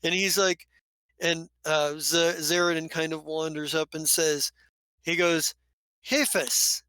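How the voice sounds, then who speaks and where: A man's voice: a little high, little pitch movement, measured pace, bright, forceful tone, clear, resonant tone, dry recording. A man acting as game master, narrating a tabletop game in a loose, rambling, descriptive way.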